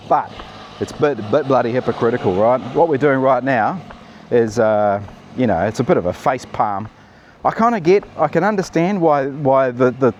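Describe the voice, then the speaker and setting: A man's voice: medium pitch, muffled recording, slight background noise. Blunt, rambling New man. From New Zealand. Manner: rambling, blunt and cheeky with many fillers. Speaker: political commentary host. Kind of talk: casual opinion commentary.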